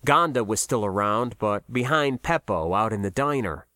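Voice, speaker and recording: A man narrating a science fiction story in a measured, expressive way. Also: fairly low pitch, dry recording, studio quality. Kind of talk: audiobook narration.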